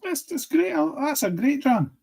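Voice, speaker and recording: High husky guy, gravelly edge, mostly short agreeing bits and laughs. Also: big pitch swings, normal speed, a little mellow. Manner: brief agreeing interjections, laughs often. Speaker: co-host. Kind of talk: casual tasting chat.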